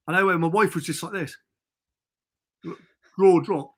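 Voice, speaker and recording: A man's voice: high voice, moderate pace, pauses often. A Cornish man, a podcast guest, telling rambling anecdotes and acting out the quotes. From Cornwall. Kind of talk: casual storytelling.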